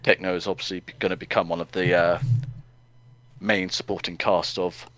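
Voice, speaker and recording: A man giving a casual, animated recap of a comic on a podcast. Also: low-pitched, normal speed, rough recording. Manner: animated, acts out characters in silly voices. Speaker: podcast co-host.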